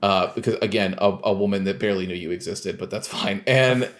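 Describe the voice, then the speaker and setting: Low-voiced man rambling through a recap. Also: fairly quick. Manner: rambling retelling full of fillers and quoted lines. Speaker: podcast co-host. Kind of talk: casual chat recapping a game.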